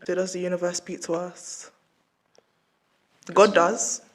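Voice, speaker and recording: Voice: mid-range voice, little pitch movement, unhurried. A podcast host with a mid-range voice chats casually with a guest. The host is playful and effusive and closes out the episode on an upbeat note.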